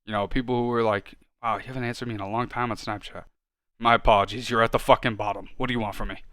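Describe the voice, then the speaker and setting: A man co-hosting a podcast in casual chat, ranting and swearing freely and getting loud when worked up. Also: medium pitch, steady tone, quick pace, no echo, clean studio sound. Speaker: podcast co-host.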